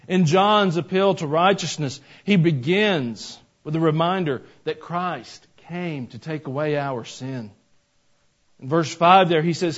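A man's voice: a little high, measured pace. Man preaching a folksy sermon. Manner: conversational, with joking asides. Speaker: pastor. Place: church sanctuary. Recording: dull lo-fi recording.

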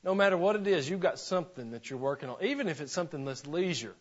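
Joking pastor, lo-fi recording. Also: male voice, a little high, animated. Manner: folksy, joking asides, slows down to stress scripture. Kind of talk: sermon. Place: church.

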